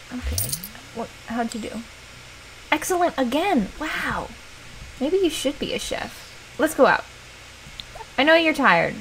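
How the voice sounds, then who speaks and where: A woman's voice: high voice, a bit bright, a little hiss or hum, poor audio. A woman hosting a casual let's play, animatedly talking to her game character and reading game text aloud.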